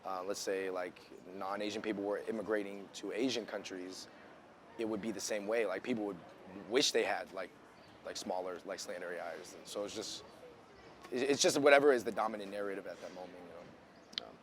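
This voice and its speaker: A man's voice: on the low side, fairly quick, noisy background. A man chatting loosely in a casual interview, with many likes and restarts, recorded outside.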